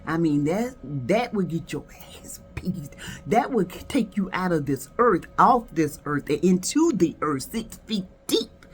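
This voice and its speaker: A woman's voice: lowish voice, very animated, unhurried, faint music behind. A woman from South Carolina giving sassy, gossipy commentary, reviewing skits with dramatic asides. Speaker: video reviewer. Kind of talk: casual commentary.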